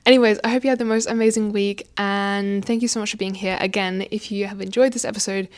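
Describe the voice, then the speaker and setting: Young woman, podcast host, quick expressive delivery, light laughter, occasional stutter, speaking to her camera at home. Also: mid-range voice. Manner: fast-talking, expressive, laughs often, slight stutter. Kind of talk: casual advice monologue. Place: home, indoors. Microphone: facing own camera.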